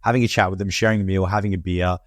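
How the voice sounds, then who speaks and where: This is an Australian man in casual podcast chat. His voice sits a bit low. He sounds laid-back and swears freely. The sound is dry and close. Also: fairly even intonation, racing, no echo. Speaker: podcast co-host. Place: home, Perth.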